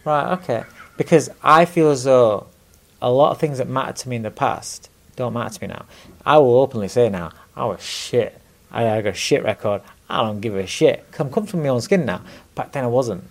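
A man in his forties with a gravelly, mid-pitched voice talks earnestly in an unscripted chat. He repeats words and swears bluntly. His tone stays frank and plain. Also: fairly quick. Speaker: podcast guest, former boxer. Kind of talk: candid conversational chat.

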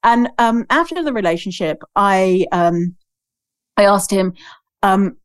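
A woman speaks as a podcast guest in a candid, impassioned way. She leans hard on her points and swears without hesitation. Her voice sits at a plain middle pitch. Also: lively intonation, takes it slowly, clear, resonant tone, no room sound, clean studio sound. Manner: emphatic, impassioned, swears freely. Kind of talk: candid conversational podcast talk.

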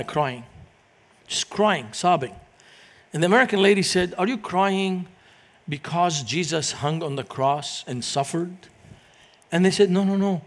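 A middle-aged man from Lebanon, preaching in a lively storytelling manner as a guest speaker. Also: high voice. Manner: animated, acts out quoted voices in anecdotes. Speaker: guest speaker, Christian minister. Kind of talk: storytelling sermon.

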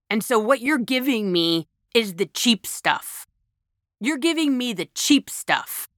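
A woman's voice: mid-range voice, fairly bright tone, no echo, studio quality. A woman giving blunt, emphatic advice in a candid monologue, repeating phrases for emphasis and using slang. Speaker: speaker giving life advice.

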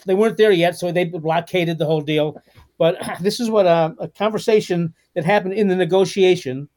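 Talking a little fast in a high voice, a guest author in his 60s tells stories during a podcast interview. He's animated, with frequent fillers and restarts.

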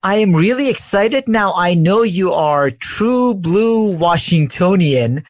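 A man's voice: sits high, expressive, takes it slowly, no echo. A man hosting an interview podcast, speaking with enthusiasm as he welcomes and prompts his guest. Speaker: podcast host.

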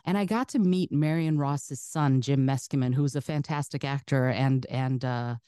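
A woman from the Soviet Union, native Russian speaker, speaking broadcast-style American English as an interview guest, chatty and animated, laughing often. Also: very deep voice, moderate pace, clear, resonant tone, dry recording, clean studio sound. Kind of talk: casual interview storytelling.

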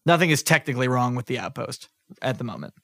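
A man's voice: medium pitch, animated, fast, sharp tone, no echo, clean studio sound. A man running a tabletop game as game master, narrating in a rambling way with lots of fillers. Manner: rambling, full of fillers and restarts.

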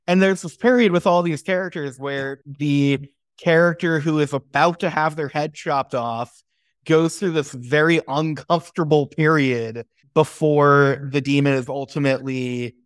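A man on a podcast talks through a horror film's ideas in a thoughtful, explanatory way, with a few restarts. His voice sits a little high for a man. The sound is close and dry, with no room behind it. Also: unhurried, clean tone, no echo. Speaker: podcast co-host. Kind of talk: casual movie discussion.

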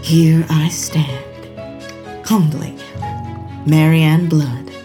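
A proud Victorian poetess, played by a woman, who speaks slowly and declaims each line with self-importance. Her voice sits a little low. Music runs under this comedy audio drama. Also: fairly even intonation. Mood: grandiose.

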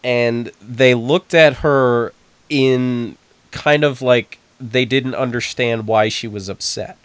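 A man in a casual podcast chat who explains cases in a measured way. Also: mid-range voice, smooth, no room sound.

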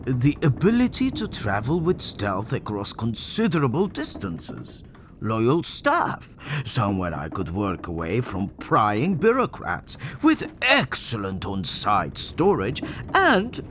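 A slow, sinister schemer. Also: male voice, mid-range voice, huge pitch swings, a bit bright, full character voice. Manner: measured, insinuating. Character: sinister, calculating male schemer. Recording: noisy background.

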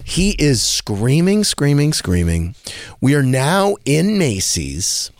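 Animated man telling a story on radio. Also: slow, no room sound. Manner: animated, acts out quoted voices in a higher pitch. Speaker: radio talk show host. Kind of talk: casual storytelling chat. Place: radio studio.

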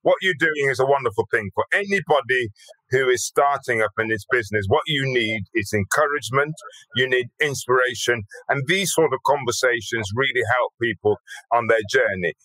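A man's voice: mid-range voice, brisk, pushed and bright, dry recording, rough recording. An older man from Birmingham, a podcast guest telling his life story in a blunt, earthy, emphatic way with casual swearing. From Birmingham, England. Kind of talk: storytelling interview talk.

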